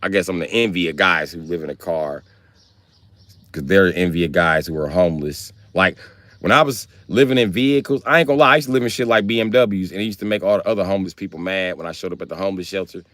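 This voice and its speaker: A fast talker with a low-sitting voice, this man rants casually on a live stream through comedic stories loaded with profanity and slang, told with lots of animation. The sound is dry.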